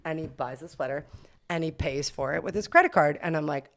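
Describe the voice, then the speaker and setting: Lively self-mocking woman telling stories. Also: deep voice, a little fast. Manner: animated, laughs often, self-mocking, acts out quoted voices. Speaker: podcast guest, boutique owner. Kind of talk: lively anecdotal storytelling.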